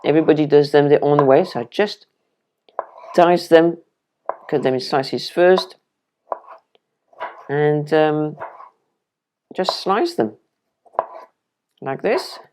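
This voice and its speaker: A French-accented woman talks the viewer through a simple recipe in her kitchen, chatty and keen. Her voice sits low, and she takes her time with each phrase. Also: takes it slowly, long pauses, dark tone, a little hiss or hum. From France. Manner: chatty and enthusiastic, talks to the viewer while chopping. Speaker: cooking video host. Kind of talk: casual cooking demonstration. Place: home kitchen.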